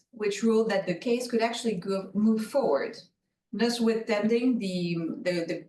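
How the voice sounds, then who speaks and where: Giving a keynote at a conference, a French-accented lawyer speaks with care in a medium-pitched voice, often using fillers and correcting herself. She's in a lecture room, heard from a distance with echo and a little hiss or hum.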